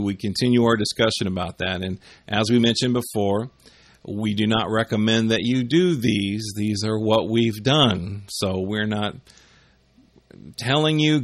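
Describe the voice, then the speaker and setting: A man hosting a podcast, telling stories in casual chat and mimicking voices. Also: mid-range voice. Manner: chatty storyteller who mimics voices. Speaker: podcast host.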